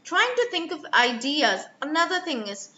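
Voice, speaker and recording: A woman's voice: sits high, big pitch swings, normal speed, bright, forceful tone. A woman teaching a live online IELTS speaking lesson, explaining stress and sounds and demonstrating example words. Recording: echoey room, slightly dull sound.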